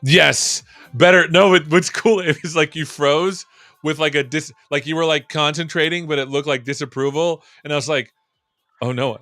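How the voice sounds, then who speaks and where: A man's voice: on the high side, steady tone, normal speed, pushed and bright, no room sound, soft background music. A man hosting a tech show, chatting loosely and joking with many fillers. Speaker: show host. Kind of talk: casual live-stream chat.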